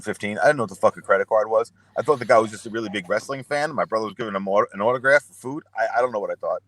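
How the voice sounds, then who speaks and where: A young man tells rambling anecdotes full of swearing and acts out the lines of the people in them. His voice sits fairly low, and the sound is dry and close, with no room echo. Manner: profane, rambling anecdotes with acted-out quotes. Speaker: podcast guest. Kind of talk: casual storytelling.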